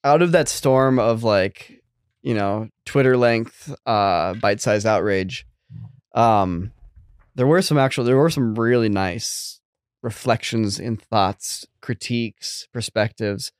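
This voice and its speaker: A man's voice: fairly low pitch, slow, clean tone, no room sound, clean studio sound. A man in his thirties co-hosting a casual podcast chat, rambling with lots of fillers and restarts. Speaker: podcast co-host.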